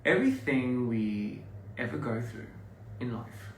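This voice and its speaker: A man on a casual livestream, speaking slowly and encouragingly to fans, with pauses and fillers. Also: medium pitch, lively intonation, creaky, roomy sound, recorded from a distance, slight background noise, poor audio. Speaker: livestream host answering fans.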